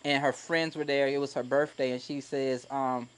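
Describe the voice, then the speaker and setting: A man who used to teach, co-hosting a podcast and telling a story in a casual, animated and heartfelt way. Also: medium pitch, normal speed, clean tone. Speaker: podcast co-host, former teacher.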